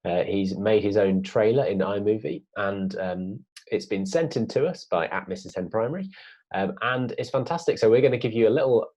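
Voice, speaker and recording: A man co-presenting a children's writing lesson in a relaxed, encouraging way, with hesitations. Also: lowish voice, moderate pace. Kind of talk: classroom lesson video.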